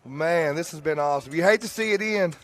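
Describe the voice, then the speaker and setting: A man commentator chatting excitedly after a high school football game. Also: brisk. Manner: excited, exclaiming. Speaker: broadcast commentator. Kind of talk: casual postgame chat.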